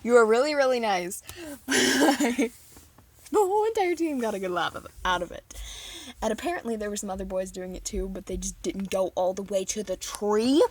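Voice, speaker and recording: A woman's voice: medium pitch, normal speed. A teenage girl vlogging in casual chat, rambling and giggling as she tells stories. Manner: giggly, rambling, animated storytelling.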